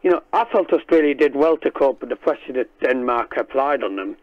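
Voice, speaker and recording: A man's voice: medium pitch, animated, a little fast, no room sound. Man calling in by phone. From Middlesbrough, England. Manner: hesitant, many ums. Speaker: caller. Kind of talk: phone-in football chat. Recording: muffled phone line.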